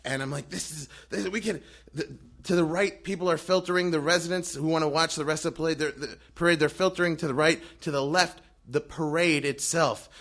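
A young man telling a funny story on stage in an animated, breathless way, laughing through it. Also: a little high, a little fast. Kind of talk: live storytelling.

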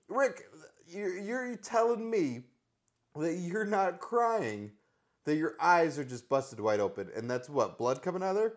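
A man playing it straight as an interviewer in a comedy sketch, hesitant and quietly exasperated. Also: unhurried. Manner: low-key, hesitant, exasperated deadpan.

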